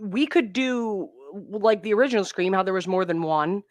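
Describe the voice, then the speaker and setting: A woman guest on a movie podcast, telling stories in an animated, excitable way. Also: medium pitch, moderate pace. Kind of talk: casual podcast chat.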